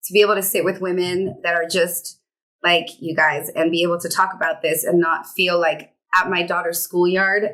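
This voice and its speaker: A woman's voice: fairly low pitch, level tone, moderate pace, a bit bright, poor audio. A woman, a radio personality, appearing as a podcast guest and speaking earnestly in casual chat, often repeating her phrases for emphasis.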